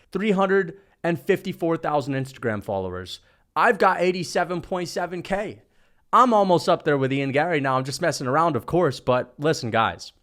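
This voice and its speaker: A man from New rants about combat sports in a high, lively voice. He mocks and swears freely, with the loose tone of a casual vlog. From New York. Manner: mocking, profane, animated. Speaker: MMA commentator vlogger. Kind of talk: casual rant.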